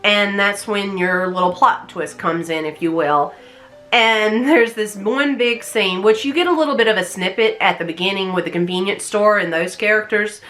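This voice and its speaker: Chatty southern lady reviewing a movie, bright voice, laughs a lot, faint music behind. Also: medium pitch. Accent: light Southern US. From American South. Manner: chatty, animated, laughs often between remarks. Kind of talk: casual spoken movie review.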